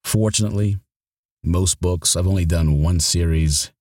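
A man's voice: deep voice, normal speed, a little mellow, no room sound, studio quality. A man who narrates audiobooks, talking casually in an interview, rambling and restarting his sentences often. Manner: rambling, with many restarts and repeated words.

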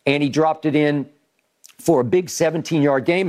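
Animated man hosting sports debate. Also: fairly high pitch, moderate pace. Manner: animated, restarts often, emphatic play-by-play recounting.

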